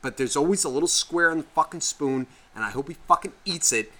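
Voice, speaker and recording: A man co-hosting a podcast, ranting with constant swearing and sudden loud outbursts. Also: on the high side, fairly quick. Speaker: podcast co-host. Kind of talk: casual podcast rant.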